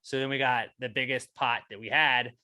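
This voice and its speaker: A man co-hosting a podcast, telling a long profane rant about his apartment that keeps climbing in pitch when he gets angry. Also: steady tone, normal speed, pushed and bright, no echo. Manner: ranting, profane storytelling, voice rising when angry. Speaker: podcast co-host. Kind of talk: casual chat.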